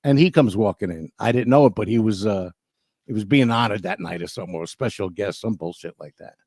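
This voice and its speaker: A man's voice: lowish voice, fast, darkish tone, no room sound, clean studio sound. An older man telling a profane story and acting out both sides of the conversation. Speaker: storytelling guest. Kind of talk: casual storytelling.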